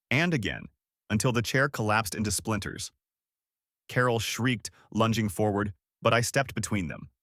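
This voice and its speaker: A man reading a first-person story aloud as scripted narration, with dramatic, expressive delivery. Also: fairly low pitch, dry recording, studio quality.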